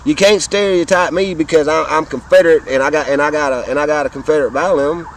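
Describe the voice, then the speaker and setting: A man's voice: on the high side, quick pace, slight background noise, low-quality recording. Fired-up Southern man in his fifties. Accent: Southern American. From Southern United States. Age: 50s. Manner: impassioned, rambling, profane, repeats himself. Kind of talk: casual monologue to camera. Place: outdoors.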